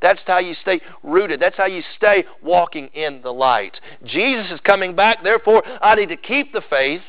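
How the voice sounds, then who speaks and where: A pastor delivers an emphatic sermon, driving points home by repeating his phrases. His voice sits high for a man. The sound is dry and close, a little dull and muffled. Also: animated, normal speed, no room sound.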